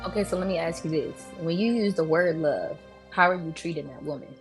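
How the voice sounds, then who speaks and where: A woman's voice: low voice, fairly quick, soft background music. A woman making her case in a casual debate, assertive and pointed, pressing with questions. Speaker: debate contestant.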